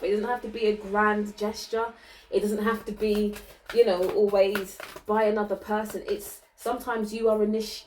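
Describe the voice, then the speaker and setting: Woman, spiritual card reader, gentle reassuring tone, keeps asking "okay?", set back from the mic. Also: mid-range voice, far from the mic, a little hiss or hum, rough recording. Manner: tags sentences with "okay?"; gentle, reassuring, laughs often. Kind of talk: channeled tarot reading.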